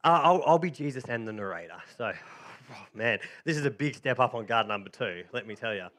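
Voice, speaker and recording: A man's voice: mid-range voice, animated, a little fast, fairly bright tone. A man preaching a sermon, jokey and chatty, cheerfully directing volunteers through a story. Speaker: pastor. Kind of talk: sermon with playful reenactment.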